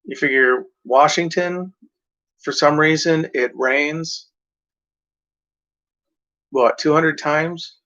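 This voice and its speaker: A man rambles casually to his viewers, swearing often and cracking himself up. His voice sits a little high and sounds bright and forceful. The recording is dull and lo-fi. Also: slow pace, long pauses. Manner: rambling, profane, jokey. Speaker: vlogger. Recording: muffled lo-fi recording.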